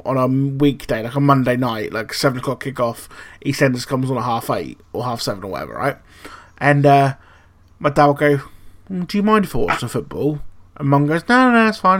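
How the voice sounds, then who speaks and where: Man telling funny stories. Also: mid-range voice. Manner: storytelling, mimicking his parents, swearing. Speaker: podcast co-host. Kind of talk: casual chat.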